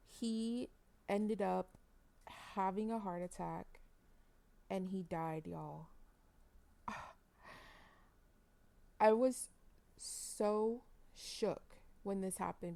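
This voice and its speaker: A woman casually narrating a dramatic life-sim game story to her viewers, chatty and expressive. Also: medium pitch, gravelly. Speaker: gaming channel host.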